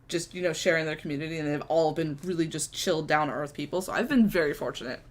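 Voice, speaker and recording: A woman co-hosting a podcast in casual chat, chatty and quick to react, with casual swearing. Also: deep voice. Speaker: podcast co-host and streamer.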